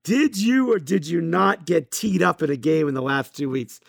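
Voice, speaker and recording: A man's voice: a little high, moderate pace, creaky, dry recording, clean studio sound. Rambling man in casual podcast chat. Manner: rambling, many fillers and restarts. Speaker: podcast co-host.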